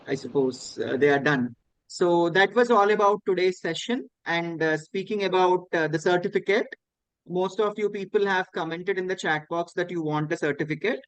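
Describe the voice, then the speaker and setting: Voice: mid-range voice, moderate pace, clean tone, no room sound, low-quality recording. A host wrapping up an online training session and giving announcements, taking care to repeat the instructions. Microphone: video call.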